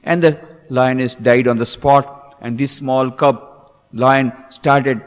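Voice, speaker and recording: A man's voice: medium pitch, steady tone, slow. A man, a monk, giving an impassioned spiritual discourse with phrases repeated for emphasis. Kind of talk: sermon. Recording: tinny recording in an echoey hall.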